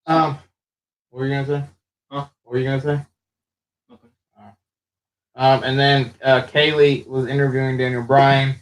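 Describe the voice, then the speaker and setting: A man hosting a casual chat, recapping a show in an animated, rambling way with frequent restarts. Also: mid-range voice, moderate pace, long pauses, low-quality recording. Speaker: show host.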